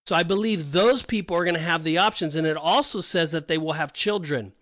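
Bright-voiced man discussing scripture. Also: a little high, a little fast, no room sound. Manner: rambling, restarts often, explains with scripture references. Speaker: podcast co-host. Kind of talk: casual Bible discussion.

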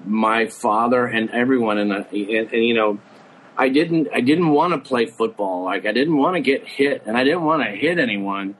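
A man's voice: mid-range voice, normal speed, fairly bright tone, slight background noise, poor audio. A man of thirty-nine telling funny, self-mocking stories from his youth in casual chat, swearing freely. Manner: profane, self-mocking storyteller.

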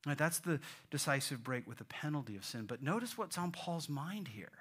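A man preaching a sermon in an animated way, acting out voices and dropping to a whisper for effect. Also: fairly high pitch, fairly quick, breathy edge. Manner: animated, acts out voices, swings from loud to whispered. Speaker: pastor.

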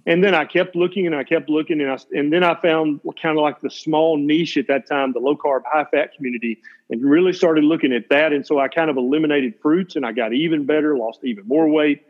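A man's voice: fairly high pitch, fairly quick. A man from Tennessee with a Southern accent, a doctor telling stories as a podcast guest in a blunt, folksy, plain-spoken way. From Tennessee, USA. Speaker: physician guest. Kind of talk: casual podcast storytelling. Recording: dull lo-fi podcast audio.

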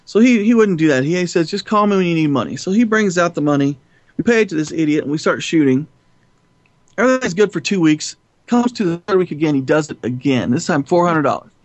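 A man telling stories in an interview, animated and profane, often laughing. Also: a little high, quick pace, dry recording. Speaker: filmmaker guest. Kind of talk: storytelling interview.

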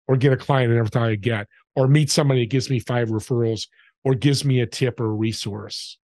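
A man's voice: medium pitch, a little mellow, no echo, clean studio sound. A man guesting on a podcast, telling stories in an upbeat, motivational way. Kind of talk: casual interview chat.

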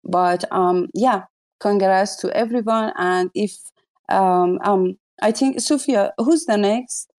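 Woman host, effusive, exclamatory, slow-paced, broken English, live audio chat. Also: medium pitch, darkish tone.

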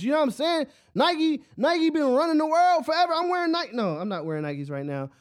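A man with a very high voice hosts his own show and rants in a loose, rambling way. He keeps asking if you follow him and often laughs at his own jokes. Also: quick pace, hardly any pauses. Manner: rambling, animated, repeats "you know what I'm saying". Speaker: podcast host. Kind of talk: solo casual rant.

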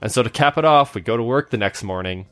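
A man's voice: medium pitch, expressive, fast, fairly bright tone, soft background music. Laughing man telling a casual story. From Canada. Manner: laughs often while telling a story, rambling restarts. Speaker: podcast co-host.

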